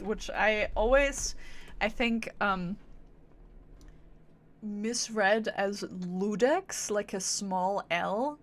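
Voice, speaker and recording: Slow-talking playful woman streamer. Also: medium pitch, a bit bright. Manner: playful, swears, laughs often, teasing. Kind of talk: casual gameplay commentary.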